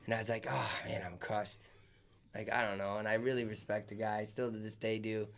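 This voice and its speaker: A man's voice: on the low side, little pitch movement, brisk, creaky, fairly bright tone, slight background noise. A young man co-hosting a podcast, telling stories bluntly with plenty of swearing and laughter. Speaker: podcast co-host. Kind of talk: casual chat.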